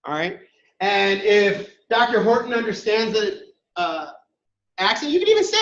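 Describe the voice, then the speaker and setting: A man's voice: high voice, sing-song, moderate pace, fairly bright tone. A man leading a classroom workshop, talking directly and conversationally while taking questions from the room. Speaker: workshop instructor. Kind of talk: interactive classroom talk. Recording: echoey room, dull lo-fi sound.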